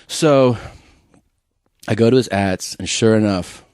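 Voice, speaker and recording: A man hosting a podcast in casual chat, telling an animated story and reading texts aloud in put-on voices. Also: on the low side, slow pace, clear, resonant tone, no echo, studio quality. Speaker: podcast host.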